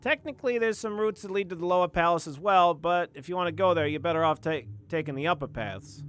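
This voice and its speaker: A man voicing a cheeky, sarcastic male goblin with a raised, lively voice. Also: sits high, slight background noise. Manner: sarcastic, quick.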